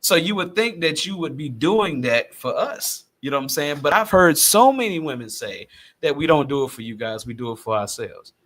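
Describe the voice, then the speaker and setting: A man hosting a casual podcast, telling stories in an animated way and laughing often. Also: on the high side, moderate pace. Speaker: podcast host.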